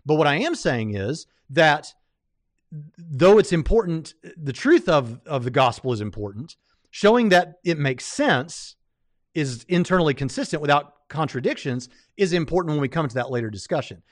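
A man's voice: fairly high pitch, sing-song, normal speed, no echo, clean studio sound. A man hosting a livestream, commenting casually on a debate, rambling with lots of fillers and restarts. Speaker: livestream host reviewing a debate.

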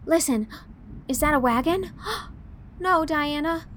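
A woman's voice: high-pitched, takes it slowly, a bit bright, slight background noise, voice pushed up. Woman doing a gushing imaginative teen girl. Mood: dramatic. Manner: effusive, dramatic. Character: imaginative chatty teenage girl heroine.

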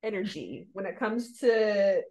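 A woman's voice: medium pitch, expressive, unhurried, dark tone. A woman co-hosting a podcast in casual chat, rambling and restarting her sentences with frequent laughs. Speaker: podcast co-host.

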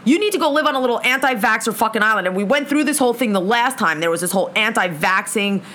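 A young woman with a high, lively voice that leaps around as she rants. She swears constantly and sounds thoroughly fed up, venting straight to camera. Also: fast talker. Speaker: vlogger. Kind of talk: angry profane rant. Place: lives in a big city apartment.

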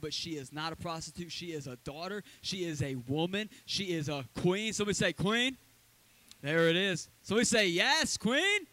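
A man preaching a sermon as a pastor in a church, talking in a loose, conversational way with lively asides. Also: on the high side, rough recording. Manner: conversational, energetic preaching with asides and acted quotes.

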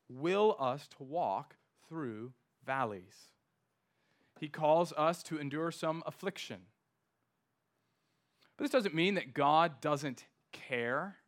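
A male pastor delivers a sermon with a bright, forceful voice pitched a little high. He is emphatic and slows right down to press home key words.

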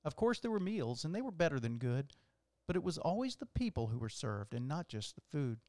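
A man who is a priest reads a rhyming poem aloud in a rhythmic, measured way. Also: fairly high pitch, very animated, a little mellow, no echo, studio quality. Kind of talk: poetry reading.

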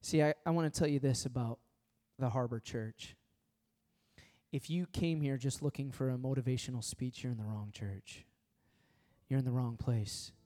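A man preaching a sermon as pastor, swinging from loud pleading questions to hushed, earnest appeals. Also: medium pitch, normal speed.

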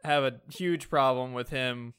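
A man's voice: mid-range voice, a little slow, fairly bright tone, clear, resonant tone. A man in a casual comics chat, speaking wryly and joking, often laughing as he talks. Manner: wry, joking, laughs through lines.

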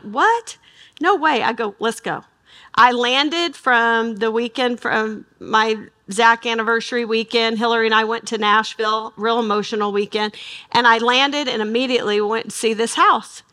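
Middle-aged female Bible teacher, high and bright, chatty storyteller who acts out conversations. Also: moderate pace. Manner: chatty and animated, acting out dialogue. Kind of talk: personal story to a live Bible study. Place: in front of an audience.

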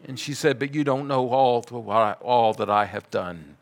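A man preaching a sermon, telling a story in a measured way and dropping to soft, quiet passages. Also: mid-range voice. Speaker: pastor.

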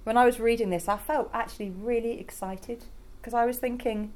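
A woman's voice: a little high, steady tone, brisk, darkish tone. A woman preaching a sermon in a conversational, enthusiastic way, speaking directly to her congregation. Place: church in Rotterdam.

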